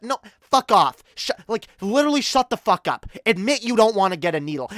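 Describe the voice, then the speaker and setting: A woman's voice: mid-range voice, lively intonation, brisk, hardly any pauses, a bit bright, no room sound, studio quality. A woman from Canada streaming a heated, profane rant, often stumbling and repeating words. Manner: angry, profane, with frequent restarts and repeated words. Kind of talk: ranting commentary on a live stream.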